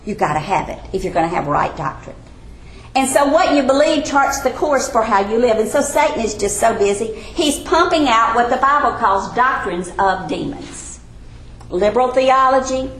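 A woman's voice: a little high, slight background noise. Emphatic woman teaching Sunday school. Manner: emphatic and earnest, with folksy asides. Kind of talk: Bible study teaching. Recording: echoey room.

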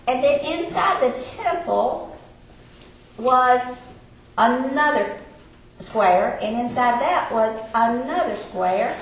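A woman delivers a verse-by-verse sermon in a fairly high, lively voice that swings up and down. She is emphatic and slows right down to stress key phrases. The room is echoey, with a faint hum of ambience underneath. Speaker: preacher. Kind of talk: expository sermon. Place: church or classroom with a board.

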